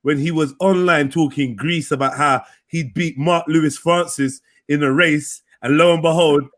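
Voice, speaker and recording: A man chatting on a live stream panel, animated and slangy, telling stories with energy. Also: on the high side, normal speed. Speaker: panel guest. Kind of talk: casual chat on a live stream.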